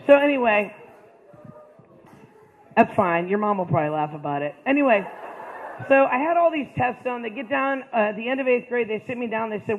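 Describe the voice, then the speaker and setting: A man speaking to a school audience, telling a personal story with jokes, moving between loud punchlines and quieter stretches. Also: high-pitched, fairly quick. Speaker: motivational speaker. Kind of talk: storytelling talk to students. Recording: tinny phone-like audio.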